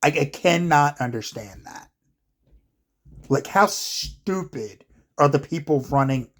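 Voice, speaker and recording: In a slightly high, somewhat bright voice with lively intonation, a man slowly works through a casual ranting commentary on wrestling. He addresses the camera, swears, sounds exasperated, and rambles with many filler words.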